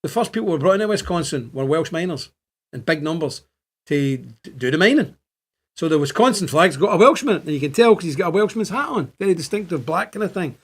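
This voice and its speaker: A man hosting a loose, chatty online show. His voice sits a touch high and swings up sharply when he gets going. He rambles from one point to the next and cracks jokes at his own expense. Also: fast talker, breathy edge. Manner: animated, rambling, chants and jokes. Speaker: host. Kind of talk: casual online show talk.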